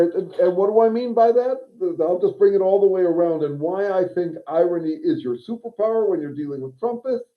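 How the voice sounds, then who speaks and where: A man with a fairly high voice talks through ideas on a livestream, circling back and restarting his sentences. His audio is thin and phone-like. He sounds wry and unscripted. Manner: digressive, thinking aloud with restarts; wry, reads viewer comments aloud. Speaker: livestream host and consultant.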